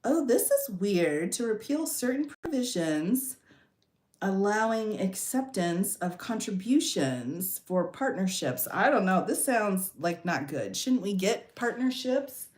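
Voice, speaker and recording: Lively, echoey woman host reading bills. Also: mid-range voice, measured pace. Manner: giggly, reads bills aloud and reacts. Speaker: legal commentary host. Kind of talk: casual livestream commentary.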